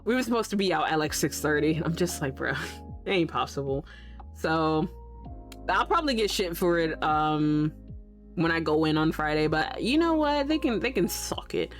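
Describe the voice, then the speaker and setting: A woman's voice: deep voice, lively intonation, moderate pace. A young woman streamer ranting in casual stream chat. She swears constantly, laughs often, and acts out her own exasperated reactions. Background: faint background music.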